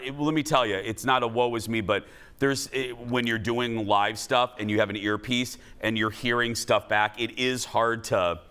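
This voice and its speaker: A man hosting a daytime TV talk show, chatty and animated with self-deprecating asides. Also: fairly low pitch, clear, resonant tone. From family from the American South. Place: TV studio with live audience.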